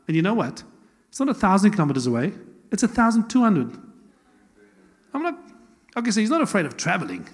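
Animated preacher in a hall. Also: male voice, on the high side, fast, slightly rough. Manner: animated, conversational preaching with laughs and asides. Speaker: pastor. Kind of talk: sermon. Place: church hall. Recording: long church hall reverb.

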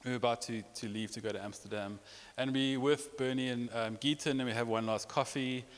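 A man's voice: medium pitch, steady tone, a little fast. A man preaching a sermon, telling a personal story with repetitions and rising emotion. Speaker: pastor. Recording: long reverb of a large hall.

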